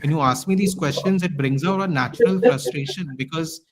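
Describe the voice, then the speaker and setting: Male podcast guest, fired-up casual rant, slightly higher voice. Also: fairly quick, crowd noise, rough recording. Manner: animated ranting. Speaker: guest fan commentator.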